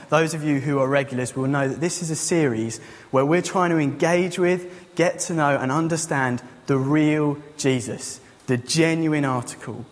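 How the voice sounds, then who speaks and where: Joking man preaching a sermon. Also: fairly high pitch. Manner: casual, joking, conversational. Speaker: youth leader and preacher. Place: church hall. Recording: long church hall reverb.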